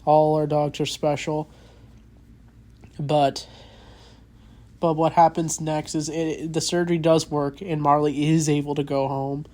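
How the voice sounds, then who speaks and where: A movie reviewer in a casual spoken review, earnest and openly emotional, halting with many restarts and fillers. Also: mid-range voice, little pitch movement, a little mellow.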